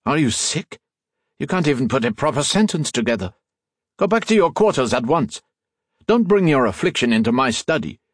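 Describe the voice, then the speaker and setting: A man's voice: on the low side, quick pace, hardly any pauses, dry recording, clean studio sound, lightly acted. A man voicing a haughty, commanding middle-aged diplomat who scolds his servant, raised above his own register. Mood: scolding.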